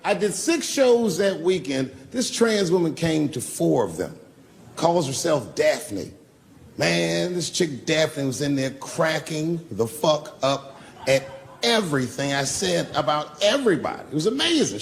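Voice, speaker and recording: A man with a fairly high, sing-song, gravelly voice speaks a little slowly. He's doing a stand-up set in a small comedy club, telling loose, profane stories.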